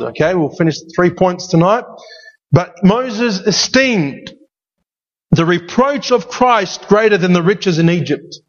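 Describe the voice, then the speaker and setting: A man preaching a sermon as pastor, emphatic and given to repeating key phrases. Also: a little high. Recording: dull sound with long hall reverb.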